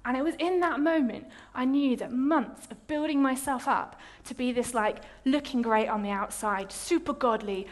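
Young woman preacher, slightly high voice, candid, self-deprecating storyteller. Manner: animated, self-mocking storytelling with laughs. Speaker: speaker giving a testimony. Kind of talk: personal testimony sermon.

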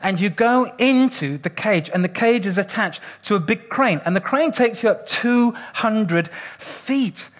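An Englishman speaking on stage to an audience, telling a humorous story in a playful, self-mocking way with dramatic pauses. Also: high-pitched, expressive, fairly bright tone. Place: stage before a live audience.

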